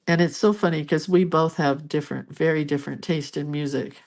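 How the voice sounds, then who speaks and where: Older lady with a lowish voice, rambling on about her day while coloring, kinda murmury. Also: steady tone, fairly quick. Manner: rambling, chatty storytelling; soft, murmured asides. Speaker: art vlogger. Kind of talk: casual chat while coloring.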